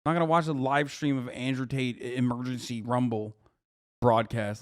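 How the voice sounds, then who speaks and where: A man in his thirties giving casual live-stream commentary, blunt, mocking and profane, talking fast in bursts. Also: medium pitch, little pitch movement, dry recording, studio quality. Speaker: political streamer.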